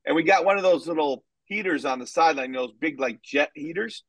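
Fairly high-voiced man telling stories. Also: a little fast, no echo, rough recording. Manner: rambling, animated storytelling with many fillers. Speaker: soccer coach and podcast co-host. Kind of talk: casual chat and storytelling.

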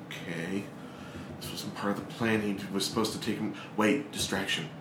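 A man's voice: lowish voice, steady tone, normal speed. A man playing a tabletop game in a brash, playful way, talking in character. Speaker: player. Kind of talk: tabletop role-play. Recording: roomy with faint noise.

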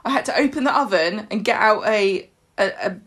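A woman co-hosting a podcast in casual chat, telling stories animatedly with laughs and loud acted quotes. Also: mid-range voice, fairly quick. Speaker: podcast co-host.

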